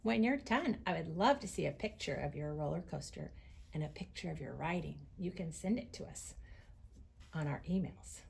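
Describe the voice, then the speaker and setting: A woman teacher giving a writing lesson to young children, slowly stretching out the sounds of words as she writes. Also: deep voice, expressive, vocal fry, darkish tone, a little hiss or hum.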